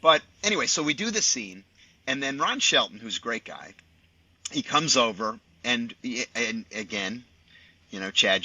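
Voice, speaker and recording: A man in his sixties, a sportscaster guest telling anecdotes on a podcast with lively asides. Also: lowish voice, dry recording. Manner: animated raconteur, chatty with many asides. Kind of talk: podcast storytelling. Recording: dull dry lo-fi audio.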